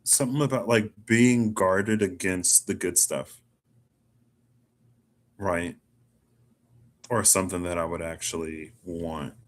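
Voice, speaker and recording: A man speaks slowly, with long pauses, in a low, steady voice as he does a casual tarot reading on himself. He rambles and muses chattily, saying "like" a lot.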